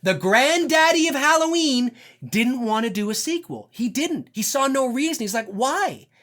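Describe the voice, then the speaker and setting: Animated, profane man on a film rant. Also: very high-pitched, moderate pace. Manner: animated, profane, emphatic with many fillers. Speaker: film commentator. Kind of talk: unscripted rant.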